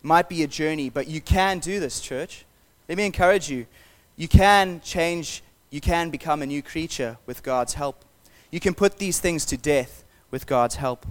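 A man's voice: on the high side, moderate pace, hardly any pauses. A man preaching a sermon to his church in an earnest, conversational and encouraging way. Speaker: pastor.

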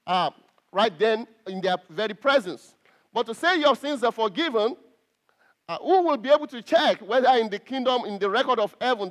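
Male preacher, high voice, emphatic, stresses key words, repeats himself, church sermon. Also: fairly bright tone.

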